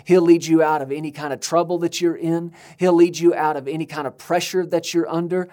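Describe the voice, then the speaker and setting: American male preacher, emphatic sermon delivery, slightly high voice. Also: steady tone, dark tone. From United States. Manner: emphatic, slows to stress key words, rises to high pitch for appeals.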